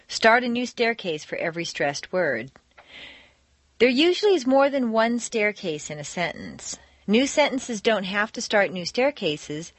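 A woman reading scripted audio lesson instructions as an accent training instructor, speaking clearly and deliberately with exaggerated intonation. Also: medium pitch, dry recording.

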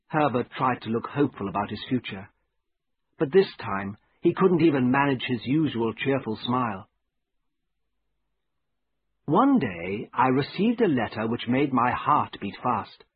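Husky man reading a story. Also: mid-range voice, very animated, measured pace, no echo. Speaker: narrator. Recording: narrow tinny phone-like sound, dry.

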